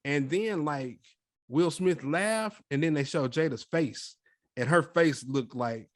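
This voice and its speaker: A young man co-hosts a relaxed podcast and tells his story with lively, acted-out quotes. His voice sits a little high, and the sound is dry and close, with no room echo. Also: slow pace. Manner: animated storytelling, acts out quotes. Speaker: podcast co-host. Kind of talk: casual chat.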